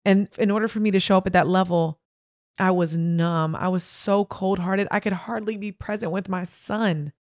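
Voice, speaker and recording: A woman's voice: medium pitch, fairly even intonation, moderate pace, no room sound, studio quality. A young woman hosting a podcast, frankly and emphatically telling a personal story straight to her listeners. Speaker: podcast host. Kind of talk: candid personal storytelling monologue.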